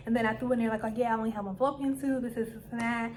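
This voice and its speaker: A young woman vlogger, telling a personal story to camera in a casual, animated way and acting out her own quoted lines. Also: on the high side, very fast, a little hiss or hum.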